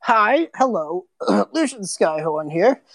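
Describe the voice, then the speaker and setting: A woman voicing a short, gruff old male lighthouse keeper with wild white hair, who talks bluntly and impatiently. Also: mid-range voice, very animated, slow pace, dry recording, heavily acted.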